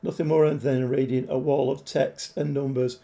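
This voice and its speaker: A man live-streaming a game, chatting to viewers and getting easily frustrated, his voice a bit hoarse. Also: medium pitch, little pitch movement, normal speed, warm tone. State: voice struggling, slightly hoarse. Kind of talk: live-stream commentary while playing.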